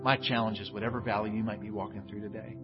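Pastor preaching over music. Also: male voice, on the low side, level tone, quick pace. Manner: storytelling, loud acted quotes then quiet earnest close. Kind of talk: sermon. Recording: dull, lo-fi with music behind.

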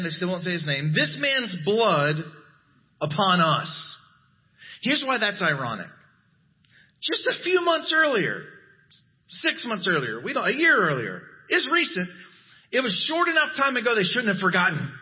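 Animated preacher man, high lively voice. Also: dull audio. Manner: animated, rising to emphatic highs. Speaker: pastor. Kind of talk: sermon.

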